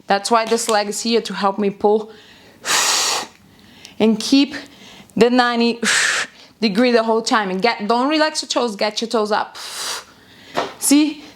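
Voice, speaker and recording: A fairly high-voiced woman leads a live workout from home, firing off exercise cues and countdowns with lots of energy. She speaks slowly and deliberately, stretching out her instructions, and her breathing shows the effort now and then. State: out of breath at times. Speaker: fitness instructor. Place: home, near a busy street.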